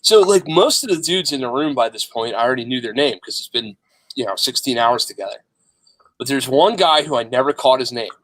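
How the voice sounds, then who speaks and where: A man's voice: medium pitch, expressive, a little fast, fairly bright tone, dry recording. A man co-hosting a podcast, telling stories in a casual, profane, joking way. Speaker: podcast co-host. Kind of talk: casual chat.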